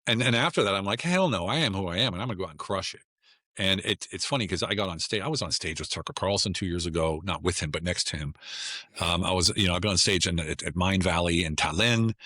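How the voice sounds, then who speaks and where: A man's voice: deep voice, fast, pushed and bright, no room sound, studio quality. A middle-aged American man, a guest on a casual podcast, talking in a blunt, emphatic way and often repeating himself. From United States.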